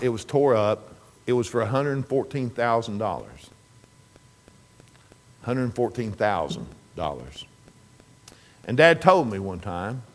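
A man's voice: mid-range voice, a bit bright. A middle-aged man telling a rambling, folksy family story in casual talk. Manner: rambling, folksy, restarts and trails off.

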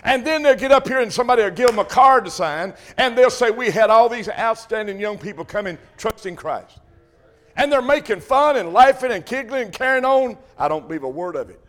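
Preacher, man, high-pitched, fervent and repetitive, pulpit sermon. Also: lively intonation, fairly quick. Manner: emphatic, repetitive, rising to shouts. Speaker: Baptist preacher.

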